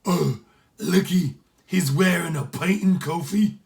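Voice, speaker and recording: A man voicing a rough old Irish pirate with a heavy brogue who talks in an excitable, jeering way. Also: fairly high pitch, slow, voice pushed up. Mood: gleeful.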